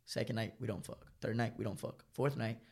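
A young man casually telling a long, profane story, rambling and animated. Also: on the low side, fairly quick, creaky.

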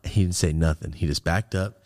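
A podcast host with a somewhat low male voice spins a long personal story in easygoing chat. He swears freely and lively, slipping in and out of the voices of everyone involved. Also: fairly quick. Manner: animated, profane, acts out the voices in his stories.

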